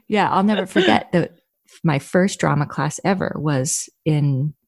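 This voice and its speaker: A woman's voice: deep voice, a little slow, gravelly, no echo, studio quality. A woman from New Jersey, an actress, talking as an interview guest; she tells stories and laughs easily. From North New Jersey. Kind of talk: casual conversational interview.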